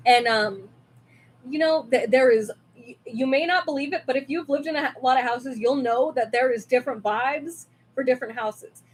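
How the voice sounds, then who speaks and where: A woman's voice: high voice, moderate pace, slight background noise. A young woman from California chatting casually and rambling with lots of fillers while hosting a crafting livestream from home on a desk mic. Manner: rambling and chatty, with many fillers and self-asides. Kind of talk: casual live-stream chat. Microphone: desk mic with webcam.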